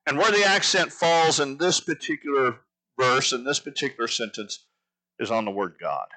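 A man's voice: mid-range voice, moderate pace, bright, forceful tone, rough recording. A man teaching a sermon, earnest, building his points by repeating phrases. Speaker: pastor.

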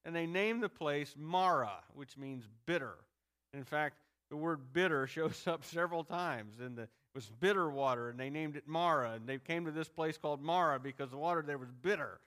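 A pastor preaches conversationally, acting out the people in his sermon, including grumbling crowds. His voice is on the high side and fairly bright, at a moderate pace.

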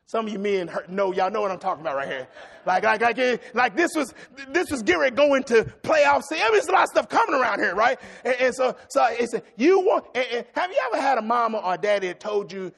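Middle-aged male preacher, gravelly and high, animated storyteller who works the congregation. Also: fast talker. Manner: animated storytelling, shouting at peaks, call-and-response with congregation. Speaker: pastor. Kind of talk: sermon.

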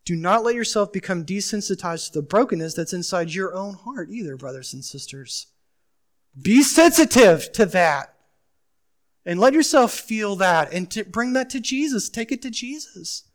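A pastor with a high, expressive voice preaches emphatically at normal speed, questioning his congregation. His sermon swings back and forth between loud urgency and quiet pleading.

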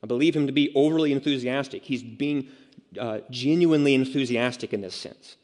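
A pastor with a medium-pitched, slightly mellow voice preaches briskly in a conversational style, adding self-mocking asides and acting out quotes. The recording has the long reverb of a large hall.

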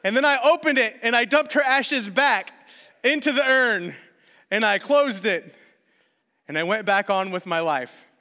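A man preaching a sermon, telling a story with lively acted-out quotes. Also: sits high, a little slow, long reverb tail. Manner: animated storytelling, acting out quotes. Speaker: pastor.

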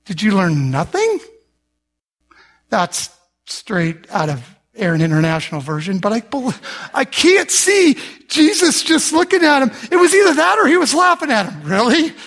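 A middle-aged male pastor preaching a sermon, telling the story with humor and acting out the people in it, and rising to shouts for emphasis. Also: extremely high pitch, normal speed. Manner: animated storyteller, acts out voices with humor.

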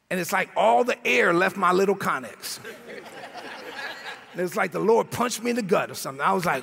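A male pastor with a Brooklyn accent, preaching an energetic sermon full of slang, repetitions and shouted lines. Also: high voice, a little fast, gravelly, slightly rough, big-room sound. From Brooklyn, New York.

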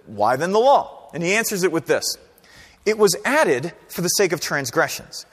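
A pastor preaching a sermon in a conversational, animated way, often checking in with the congregation. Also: male voice, a little high, big-room sound. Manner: conversational, animated preaching with frequent "right?" and "okay?".

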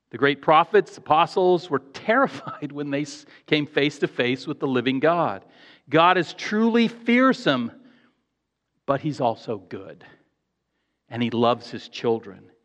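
A man preaching a sermon in an earnest, emphatic way, repeating phrases for stress. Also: mid-range voice. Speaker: pastor. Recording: echoey hall, dull lo-fi sound.

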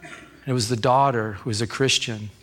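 A male pastor delivers a sermon, moving from a quiet personal story into fervent, emphatic preaching. His voice sits in an ordinary middle pitch for a man. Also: steady tone, moderate pace.

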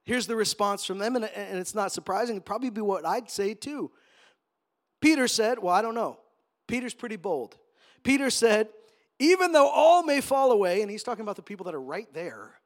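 A man preaching a sermon in an animated way, acting out the quotes with joking asides. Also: sits high, fairly quick. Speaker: pastor.

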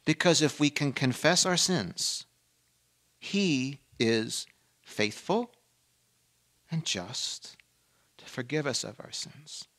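A man preaching a sermon, dropping to a hush and then rising to emphatic peaks, acting out the people he quotes. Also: medium pitch, takes it slowly, long pauses. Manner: swings between hushed and emphatic, acts out quoted voices. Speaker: pastor.

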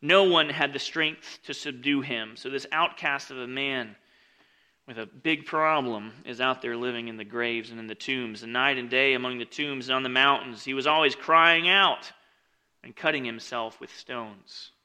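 A man preaching a casual sermon, reading scripture aloud and explaining it conversationally, with lots of "like" and "right?" asides, swinging between loud emphasis and quiet lowered asides. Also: moderate pace, clean tone.

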